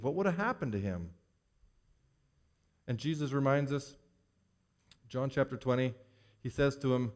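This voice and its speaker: A man's voice: a little high, very animated, moderate pace, pauses often, a little mellow. A man preaching a sermon to his congregation, using rhetorical questions and acting out the words of Bible figures in short quoted lines. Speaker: pastor.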